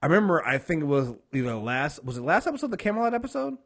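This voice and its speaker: Animated man recapping a TV episode. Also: fairly high pitch, very fast. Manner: animated, acts out characters' lines, swears freely. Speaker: podcast co-host. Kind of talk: casual TV recap discussion.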